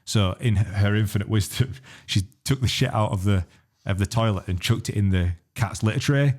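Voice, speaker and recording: A man's voice: fairly low pitch, moderate pace, a little mellow. A man, trading blunt, sweary banter and stories on a casual podcast. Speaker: podcast co-host. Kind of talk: casual chat.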